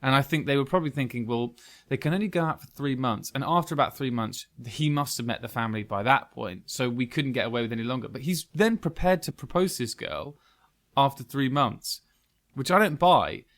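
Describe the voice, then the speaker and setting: A man in casual podcast chat who reviews films bluntly and with gusto. His voice sits at an ordinary middle pitch. He talks in an animated way and does not mind swearing. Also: fairly quick. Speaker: podcast co-host.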